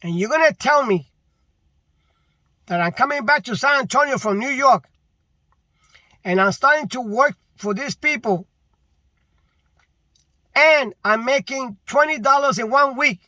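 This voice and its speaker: A man with a very high, bright voice rants slowly about his work in a casual vlog. He is frustrated and repeats his points for emphasis. The recording is dry and close. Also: dry recording. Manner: frustrated, repetitive, emphatic complaining. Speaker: delivery driver.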